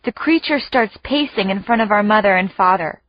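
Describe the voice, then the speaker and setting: A woman narrating an audiobook in the first person with tense, hushed storytelling. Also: medium pitch, expressive, normal speed, muffled recording.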